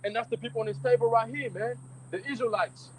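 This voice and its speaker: A man with a strikingly high voice preaching in a fiery, confrontational way. He talks loudly and with heavy emphasis, swears freely and mocks anyone who objects. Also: steady tone, fast talker, slight background noise, rough recording. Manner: loud, profane, emphatic, mocking critics. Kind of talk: fiery street-style preaching.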